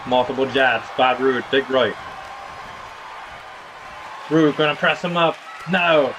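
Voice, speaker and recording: A man's voice: mid-range voice, slow, a crowd in the background, noisy background. A man streaming a wrestling video game, calling the action play-by-play with casual slang. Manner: casual, hypes viewers with slang.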